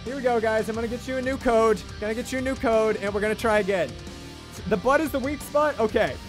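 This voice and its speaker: A young man streaming a game live, chatting with viewers in an excitable, jokey way and repeating himself when he panics. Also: extremely high pitch, quick pace, music in the background. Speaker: gaming livestreamer. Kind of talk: excitable live gameplay commentary.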